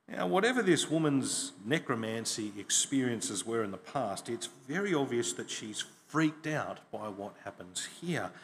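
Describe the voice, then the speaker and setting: A man preaching a sermon, reading scripture aloud with emphatic stresses and expressive delivery. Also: mid-range voice, in a large hall.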